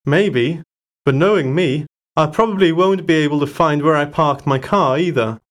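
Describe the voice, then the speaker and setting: A man performing scripted everyday dialogue for a listening exercise, with clear, plainly acted delivery. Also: on the high side, normal speed.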